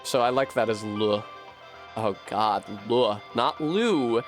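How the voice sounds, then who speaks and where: A man streaming a game from home, working through a puzzle out loud at a desk microphone with frequent swearing and frustration. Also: mid-range voice, a little slow, soft background music. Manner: profane, puzzling aloud, frustrated. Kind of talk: live-streamed gameplay commentary.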